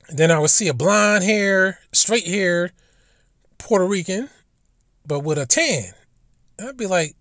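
A man's voice: high voice, expressive, moderate pace, long pauses, fairly bright tone, no room sound, clean studio sound. A man telling stories in a casual, rambling monologue, blunt and profane, often stumbling over and repeating his words as a commentary host.

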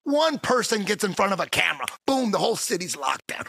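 A man hosting a podcast, talking in a rambling, profane, animated way in casual conversation. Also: sits high, a little fast, vocal fry, breathy edge, no echo. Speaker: podcast host.

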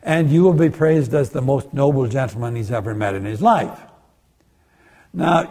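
A man's voice: mid-range voice, darkish tone, breathy edge. An older man giving a bible lecture as a guest speaker, telling the story with animation and acting out the voices of the people in it.

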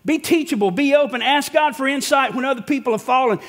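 A middle-aged male pastor preaching a sermon to a congregation in a church. He is folksy and humorous and rises to shouts for emphasis. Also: very high-pitched, fast. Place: church sanctuary before a congregation.

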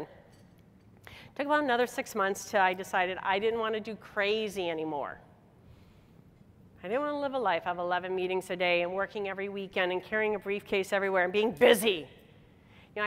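A middle-aged woman from Michigan giving a motivational speech to a convention, telling a personal story with laughs and acted-out dialogue. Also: mid-range voice. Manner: animated, laughing, acts out dialogue. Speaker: convention speaker. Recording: hall reverb on a stage talk.

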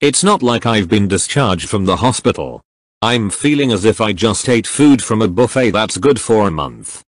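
A brash, hot-tempered young hero, voiced by a man in a fan audio drama, growling crude insults in a low voice. His delivery swings widely in pitch, and the sound is close and dry. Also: lively intonation, normal speed, no echo. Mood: gruff.

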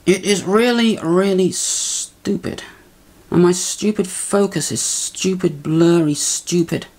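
A woman with a lowish voice mutters her way through a casual tinkering vlog, grumbling and poking fun at herself. She takes her time, drawling her words slowly and unhurriedly. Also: a little mellow. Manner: grumbling, self-mocking muttering. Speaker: video maker.

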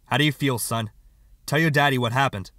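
A man's voice: medium pitch, fairly quick, bright, forceful tone, dry recording, lightly acted. A man voicing an angry, stern father, questioning harshly and scolding. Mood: coaxing.

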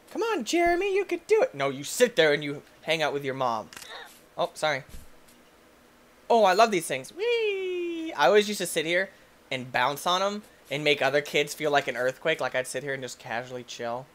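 A young man giving goofy, excitable commentary while he plays a video game, often yelping and shouting. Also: high voice. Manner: goofy and excitable, shouts and yelps, silly quoted voices. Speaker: gaming YouTuber. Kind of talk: energetic gameplay commentary.

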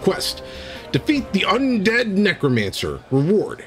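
A man's voice: high-pitched, huge pitch swings, moderate pace, faint music behind. A man streaming and game-mastering, reading an AI-written tabletop story live and breaking off to react to it.

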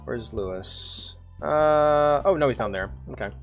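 Faint music plays behind a man with a gravelly, mid-range voice who speaks a little slowly while streaming a farming game. His gameplay commentary is casual: he chats, hums to himself, reads lines aloud, and swears freely.

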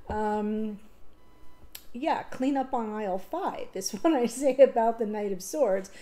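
A woman's voice: fairly high pitch, dark tone. A woman giving a casual spoken tarot reading, emotional and rambling, with fillers and self-corrections. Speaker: tarot reader.

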